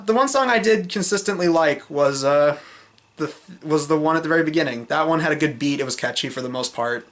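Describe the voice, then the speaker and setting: Rambling man with a high-pitched voice. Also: fairly bright tone. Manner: rambling, with many fillers and restarts; frank, exasperated criticism. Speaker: film reviewer. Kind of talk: casual review vlog.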